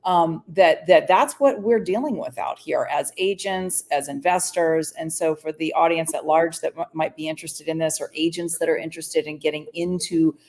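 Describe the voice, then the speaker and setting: A woman hosts a podcast in a very low voice. She speaks fluently and reflectively, often turning to address the audience. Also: normal speed, few pauses, a little mellow. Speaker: podcast host. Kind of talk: podcast conversation.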